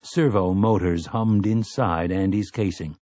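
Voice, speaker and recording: A man narrating an audiobook in a measured, even storytelling manner. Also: low-pitched, no room sound, clean studio sound.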